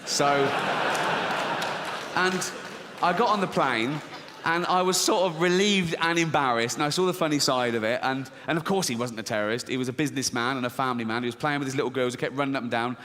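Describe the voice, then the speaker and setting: A man doing a stand-up comedy routine, telling the story in an animated, sweary, self-mocking way. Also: mid-range voice, brisk, long reverb tail, a little hiss or hum.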